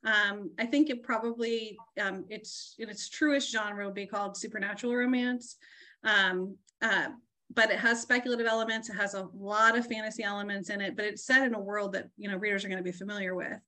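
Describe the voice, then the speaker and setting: A woman author chatting casually, thinking aloud about her book with many pauses and fillers. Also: mid-range voice, steady tone, sharp tone. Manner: thoughtful, hesitant, many fillers. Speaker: author guest. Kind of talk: casual chat.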